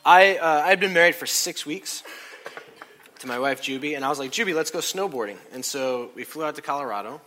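A middle-aged man telling a personal story in a sermon, animated and self-mocking, acting out what people said. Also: fairly high pitch, fairly quick.

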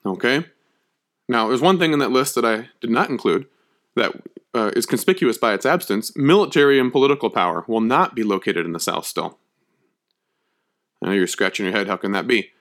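A man with a medium-pitched, fairly bright voice delivers a history lecture, animated and fairly quick. He's emphatic but conversational, checking in with his listeners often by asking "okay?"

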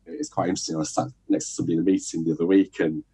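A man's voice: low-pitched, little pitch movement, racing, dark tone, slightly rough. A man speaking as a podcast guest in a casual panel discussion, thoughtful, often repeating words as he searches for them. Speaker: podcast guest, internal communications professional.

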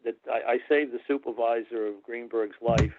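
A man's voice: mid-range voice, normal speed, noisy background. A man, a former wrestling referee, telling stories as an interview guest and acting out the people he quotes. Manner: animated, quotes others in character. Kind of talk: anecdotal interview storytelling. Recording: tinny phone-like line, dry.

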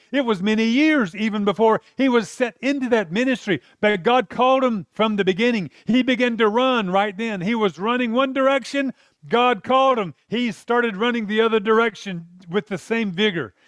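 A man preaching a sermon in an earnest, conversational way, with quick asides and short laughs. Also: sits high, dry recording, studio quality.

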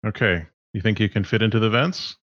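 A man narrating as game master in a tabletop game, relaxed and laughing along. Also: lowish voice, fairly quick, dry recording, highs cut off.

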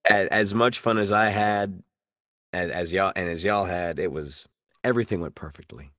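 A man with a very deep, low voice, talking as a voice actor guest in a relaxed interview. He muses thoughtfully and drops playful, self-deprecating jokes. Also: normal speed. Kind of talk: casual interview chat.

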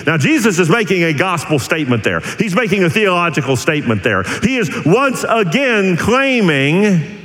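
A man pastor preaching an expository sermon, emphatic, with dramatic pauses. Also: fairly high pitch, animated, a bit bright, big-room sound, rough recording.

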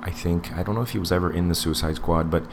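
Deep voiced guy in his 40s rambling on a podcast, lots of ums, bit of hiss. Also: fast. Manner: rambling, digressive, many fillers and restarts. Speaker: podcast co-host. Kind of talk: casual podcast movie review.

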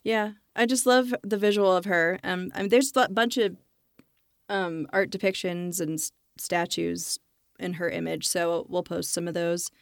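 A woman's voice: fairly low pitch, fairly even intonation, unhurried, vocal fry, no room sound, clean studio sound. A woman co-hosting a podcast, telling folklore in a wry, matter-of-fact way. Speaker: podcast co-host. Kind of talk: casual chat, reading folklore notes.

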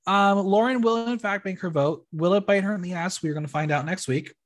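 A man hosting a casual podcast, recapping a reality show in an opinionated, expressive way and swearing freely. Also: high-pitched, brisk.

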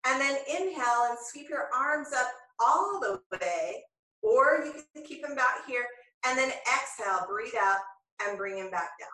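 A woman teaching a yoga class, calmly and slowly cueing each breath and movement. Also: sits high. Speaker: yoga instructor. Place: home room, filmed on own camera. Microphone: camera mic at a distance. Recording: very echoey room, voice far from the mic.

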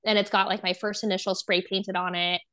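A woman's voice: mid-range voice, little pitch movement, fairly quick, bright, forceful tone. Candid young woman telling her story. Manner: casual, filler-heavy, acts out quoted dialogue. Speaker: guest sharing her story.

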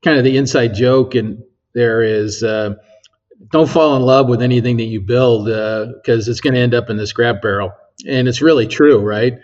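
Male engineer, casual interviewee; middle pitch, meandering delivery full of fillers, slightly dull recording. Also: normal speed, darkish tone. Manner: rambling, many ums and tag 'right?'. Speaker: engineer at a physics lab.

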